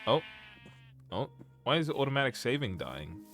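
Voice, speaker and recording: A man's voice: mid-range voice, very animated, normal speed, over music. A young man chatting casually on a live stream while he plays, rambling and breaking into giggles. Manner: giggly, keeps breaking into laughter; rambling, self-interrupting. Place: home room.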